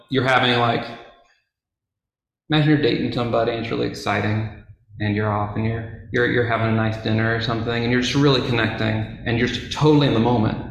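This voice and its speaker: In a very echoey room, a male Bible teacher with a gravelly, mid-range voice casually retells a Bible story. He sprinkles in conversational fillers and playful asides.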